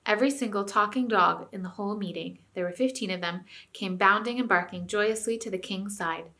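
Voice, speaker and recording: Bright-voiced woman teacher reading aloud. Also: medium pitch, brisk. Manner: clear storytelling. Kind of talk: reading a novel aloud to a class.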